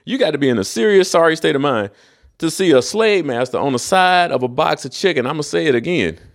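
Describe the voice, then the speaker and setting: A man's voice: a little high, lively intonation, fairly quick. A man hosting a solo podcast, ranting in a casual, profane and emphatic way. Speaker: podcast host.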